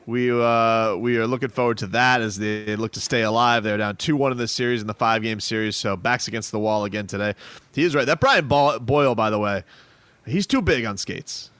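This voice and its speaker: A man hosting a sports radio show, talking in loose, animated, joking banter. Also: fairly low pitch, fairly quick, clean tone, no room sound.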